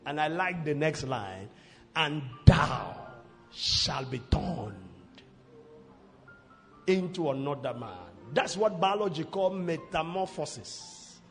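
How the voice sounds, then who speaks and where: A man preaching a sermon, shouting out prayers and reading scripture aloud with great force. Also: a little high, expressive, unhurried, big-room sound, soft background music.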